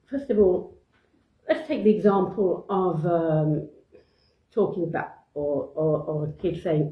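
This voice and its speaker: A woman's voice: fairly low pitch, expressive, unhurried, darkish tone, echoey room, low-quality recording. A woman giving informal parenting advice off the cuff, with many fillers and restarts, acting out short parent and child exchanges. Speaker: parenting speaker.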